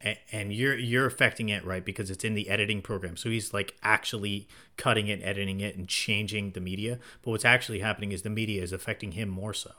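A man's voice: fairly low pitch, fairly even intonation, fast talker, hardly any pauses, pushed and bright. A man co-hosting a casual film discussion, eager and often restarting his sentences. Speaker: podcast co-host.

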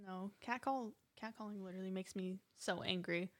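A woman's voice: mid-range voice, normal speed. Blunt, swearing young woman. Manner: blunt and heated, swears freely. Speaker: podcast co-host. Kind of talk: casual chat.

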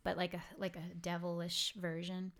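A woman's voice: on the low side, completely flat delivery, normal speed. Rambling, swearing woman podcaster from Brooklyn. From Brooklyn, New York. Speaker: podcast co-host. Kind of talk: casual chat.

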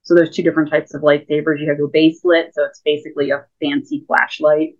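A woman's voice: deep voice, level tone, fast talker. A woman guest on a remote interview, explaining things in a chatty way with lots of fillers. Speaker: guest, lightsaber school founder. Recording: tinny phone-like call audio.

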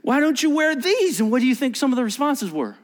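A middle-aged man preaching a sermon as pastor, telling stories with voiced quotes and dropping to a hushed near-whisper for emphasis. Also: very high voice, fast. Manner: animated storytelling with voiced quotes and asides.

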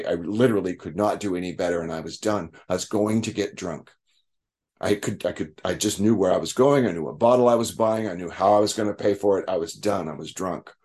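A man with a fairly low voice tells his own recovery story to a group. He speaks candidly and with plenty of profanity, and he acts out the people he quotes. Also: darkish tone.

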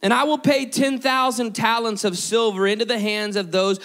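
A man's voice: high-pitched, steady tone, normal speed, fairly bright tone. A man voicing a scheming, villainous royal adviser with a put-on British accent while reading scripture aloud in a sermon. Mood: menacing. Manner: sneering, menacing, like a cartoon villain.

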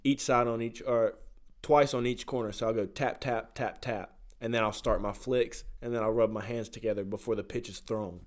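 A young man talks through his pre-pitch ritual in a relaxed, matter-of-fact way. His voice is of average pitch. He drops casual swear words without fuss. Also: normal speed. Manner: explains plainly, swears casually. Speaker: college baseball player. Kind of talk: casual chat.

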